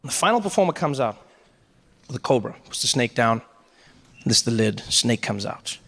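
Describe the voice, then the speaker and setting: A man doing stand-up comedy, telling a story in an animated way and slipping in voices for the people in it. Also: mid-range voice, moderate pace, gravelly, big-room sound.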